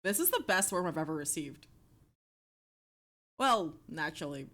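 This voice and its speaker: A young woman streaming live, chatting casually and excitably, swearing often. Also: sits low, normal speed. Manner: excitable, swearing, breaks into shrieks and laughter.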